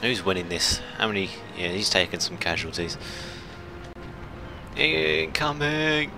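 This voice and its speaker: A man giving chatty, self-mocking let's play commentary, shouting orders at his ships when excited. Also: sits low, a little fast, music in the background. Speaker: gameplay commentator.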